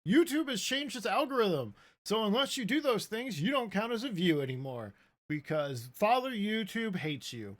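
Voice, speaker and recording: Thirties male co-host; high, animated delivery, loose and joking. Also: moderate pace. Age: 30s. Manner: loose and joking, says "bro" a lot. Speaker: podcast co-host. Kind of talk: casual podcast chat.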